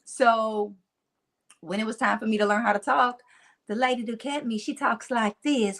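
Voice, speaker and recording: In a casual interview, a motivational speaker in her forties tells stories with a Southern country twang, laughing often and staying animated. Her voice sits on the high side, and she's unhurried.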